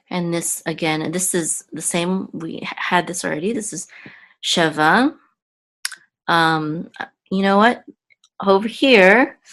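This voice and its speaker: A Hebrew teacher with a low, slightly bright voice teaches slowly and patiently, explaining each word in turn. She pauses often, thinks aloud with frequent ums, and corrects herself mid-sentence, all on a rough recording.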